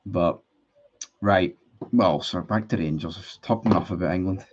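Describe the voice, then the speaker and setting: A man hosts a casual livestream. He rambles bluntly, swears freely and restarts his sentences often. His voice sits fairly low and comes through dull, lo-fi stream audio. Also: moderate pace, a little mellow. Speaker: livestream host. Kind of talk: casual livestream chat reading viewer comments.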